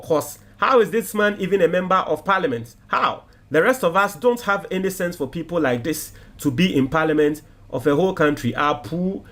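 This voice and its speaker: Ghanaian man reading comments, mocking and animated. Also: on the high side. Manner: animated, mocking, mixes English with Twi phrases.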